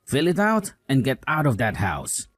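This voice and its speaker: A man's voice: medium pitch, wildly swooping pitch, normal speed, soft background music. A man voicing a young husband who scolds his wife with contempt and sides with his mother in a voiced drama story. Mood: scolding.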